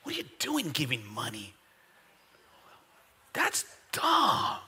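A man acting out a sneering male tempter who mocks the faithful with rapid-fire taunting questions. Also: on the high side, huge pitch swings, sharp tone, husky, voice pushed down, exaggerated voice. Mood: mocking.

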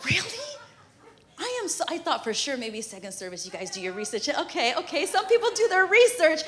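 A woman's voice: high-pitched, very animated, brisk, fairly bright tone. A woman in her thirties, a mother, preaching a sermon in a conversational, humorous way and laughing often. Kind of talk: sermon with prayer and personal story.

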